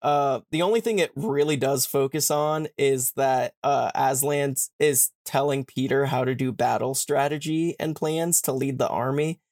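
A man hosting a podcast casually summarizes a book, swearing and rendering dialogue in quick modern slang with an irreverent attitude. He has a medium-pitched, darkish voice, captured at studio quality without echo.

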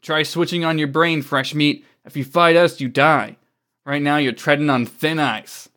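A calm, cocky male villain who lectures with dry condescension, voiced by a man reading a game's lines. The voice sits a touch high and even. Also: moderate pace. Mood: condescending.

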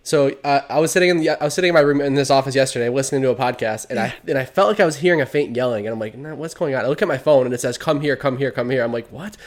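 A man co-hosting a movie podcast, talking enthusiastically in casual chat. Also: mid-range voice. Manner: enthusiastic, quick, laughs often. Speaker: podcast co-host.

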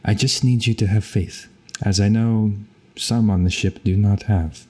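A man voicing a weary, stony male pirate captain who speaks quietly and in a measured way. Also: lowish voice, fairly even intonation, breathy edge. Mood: grave.

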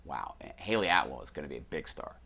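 Man, guest co-host, very low voice, rapid, keeps saying "you know". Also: lively intonation, gravelly, bright, forceful tone. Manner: enthusiastic, filler-heavy, lots of "you know". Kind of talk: casual chat.

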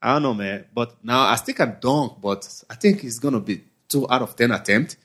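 A man's voice: medium pitch, moderate pace, fairly bright tone. A man hosting a podcast, chatting casually with his guest in an easygoing way and laughing often. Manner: easygoing, laughs often, loose phrasing full of fillers. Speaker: podcast host. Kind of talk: casual interview chat.

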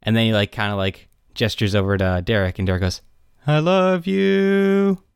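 A fairly low-pitched young man talks fast on a casual podcast he co-hosts, recapping a TV episode. His tone is clean, the studio audio has no echo, and he dives animatedly into characters' lines with a raised voice.

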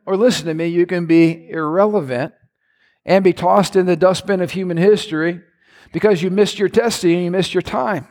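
A man preaching a sermon in an animated way, his voice climbing to near-shouts. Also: sits high, moderate pace. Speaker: pastor.

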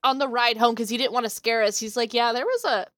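Brief: woman co-host, excitable storyteller, slightly high pitch, dry sound. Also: fast talker, dry recording. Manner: excitable, dramatic, swears casually. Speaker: podcast co-host. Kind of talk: casual chat. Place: home, lives in a tornado-heavy state.

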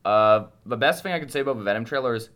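A man's voice: mid-range voice, fast, fairly bright tone. A man on a podcast giving opinionated, explanatory views about films and comics. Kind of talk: casual film chat.

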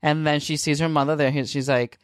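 A man co-hosting a film podcast, chiming in with quick remarks in casual chat. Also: fairly high pitch, little pitch movement, dry recording, clean studio sound. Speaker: podcast co-host.

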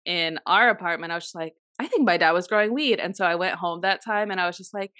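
A woman's voice: mid-range voice, fast, hardly any pauses, a bit bright, dry recording, clean studio sound. A young woman co-hosting a podcast, telling stories in a laid-back way, swearing freely and saying "like" often. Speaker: podcast co-host. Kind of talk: casual storytelling chat.

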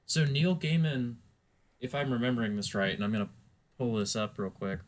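This is a man co-hosting a podcast, rambling through casual chat and laughing easily. His mid-range voice is expressive, and he talks at a moderate pace.

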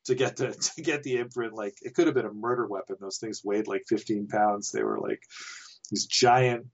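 Podcast guest: canadian-raised man, low voice, rambling chuckling anecdotes, dull lo-fi audio. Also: steady tone, normal speed, slight background noise. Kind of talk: casual anecdote telling.

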